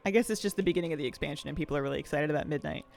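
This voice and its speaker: A game streamer talking casually from a home office, chatty and rambling and quick to laugh. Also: medium pitch, vocal fry, a little mellow, faint music behind. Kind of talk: casual chat while streaming a video game.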